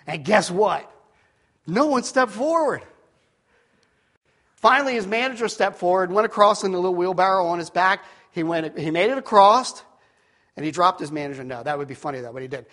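A man in his fifties preaching a sermon, telling a story with self-deprecating asides and swinging from shouts to near-whispers. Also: sits high, fairly quick. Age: 50s. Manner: animated storytelling, rising to shouts at peaks, dropping to near-whispers. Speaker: pastor.

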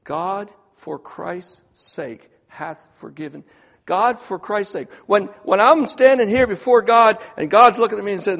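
Emphatic preacher with a hall echo. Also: male voice, high-pitched, unhurried, vocal fry. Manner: swings from hushed to loud, emphatic preaching. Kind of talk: sermon.

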